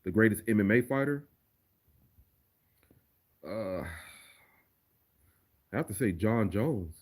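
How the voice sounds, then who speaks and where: A man's voice: lowish voice, expressive, slow. A man answering viewer questions on a casual livestream, laid-back and profane, often repeating words as he thinks. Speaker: livestreamer and remix producer.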